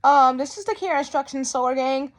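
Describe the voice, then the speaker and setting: A woman's voice: high-pitched, brisk. A woman, chatting to her viewers in an unboxing vlog, often repeating herself. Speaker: vlogger.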